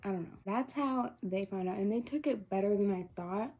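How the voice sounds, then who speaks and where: A woman's voice: medium pitch, normal speed, dark tone. Teen girl telling a story, near tears. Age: teens. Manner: chatty, many likes and quoted dialogue. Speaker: vlogger. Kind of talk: casual storytelling to camera.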